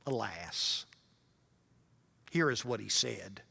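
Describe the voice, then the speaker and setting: A man's voice: lowish voice, lively intonation, slow, creaky, pushed and bright, slightly rough. A middle-aged man giving a seminar lecture as a guest speaker, telling stories with wry asides.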